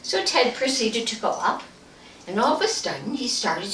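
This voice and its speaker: A woman giving a storytelling speech at a club meeting, acting out the voices and dropping to a hush for punchlines. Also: on the high side, moderate pace. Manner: animated, acts out voices, hushed at punchlines. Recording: echoey room, distant mic, faint noise.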